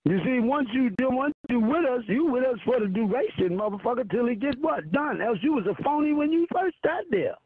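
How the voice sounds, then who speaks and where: A man giving a casual, animated spiritual talk from a park, swearing freely and having listeners fill in his words. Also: very high voice, brisk, hardly any pauses, a little hiss or hum. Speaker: spiritual teacher. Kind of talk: casual preaching talk on a call. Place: outdoors in a park. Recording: phone line, dry.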